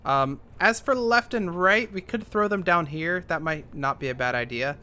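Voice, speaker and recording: A man's voice: fairly high pitch, moderate pace, bright, forceful tone, clear, resonant tone. A young man giving casual, rambling commentary while playing a game, thinking aloud with lots of fillers. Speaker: gaming YouTuber.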